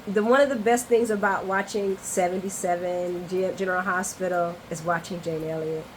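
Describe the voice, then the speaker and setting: A woman hosting a casual soap opera recap, chatty, expressive and candid. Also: fairly low pitch, normal speed, slight background noise, low-quality recording.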